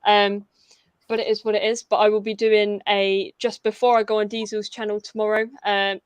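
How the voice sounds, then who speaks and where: A woman's voice: medium pitch, level tone, normal speed, smooth, no room sound. A young woman hosting a football fan livestream, chatty and upbeat, with lots of fillers, her voice getting tired. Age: young adult. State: losing her voice. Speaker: fan channel host. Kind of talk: casual fan livestream chat.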